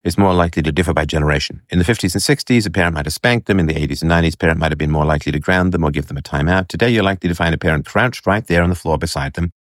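Very deep-voiced man, dry sardonic commentary. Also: rapid-fire, hardly any pauses, no room sound. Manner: hesitant, many fillers, scornful asides. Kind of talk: commentary reading and reacting to an article and a clip.

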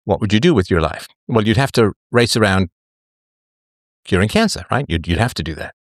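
Rambling, self-mocking livestream host. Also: male voice, on the low side, animated, a little fast, no echo, clean studio sound. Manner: rambling and self-mocking, with lots of fillers and restarts. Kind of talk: casual livestream chat, reading comments.

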